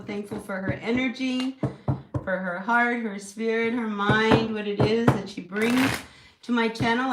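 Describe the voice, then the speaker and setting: A woman hosting a casual live tarot reading at home, chatty and encouraging, with lots of "you know" fillers. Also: fairly high pitch. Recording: echoey room with steady noise.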